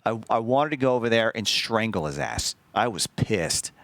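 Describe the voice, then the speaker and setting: A man streaming, telling a story casually to his chat in an animated, profane way, acting out the lines he quotes. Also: fairly low pitch, moderate pace, no room sound.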